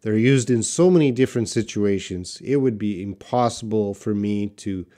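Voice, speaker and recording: A man's voice: fairly low pitch, mellow. A man teaching English in a live online question-and-answer class, patiently reading out viewers' questions and answering them. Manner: slow, patient, reads viewer questions aloud.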